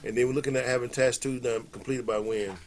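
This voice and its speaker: Quiet man checking dates on a call. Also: medium pitch, fairly even intonation, quick pace. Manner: quiet, brief check-ins about dates. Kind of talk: casual planning call. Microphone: video call.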